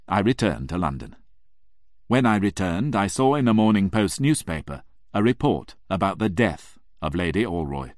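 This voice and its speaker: A man narrating a story in the first person, in an expressive, emotional storybook reading. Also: low voice, dry recording, studio quality.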